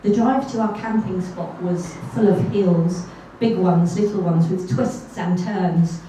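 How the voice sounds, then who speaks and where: A woman's voice: lowish voice, a little slow, warm tone, slight background noise. A woman telling a true story on stage at a live event, chatty and self-deprecating, with little asides. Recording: echoey hall from far off.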